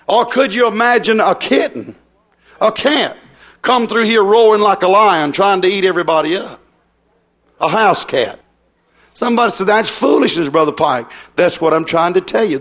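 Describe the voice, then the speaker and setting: A man's voice: sits high, a bit bright. A man preaching a fiery, folksy revival sermon.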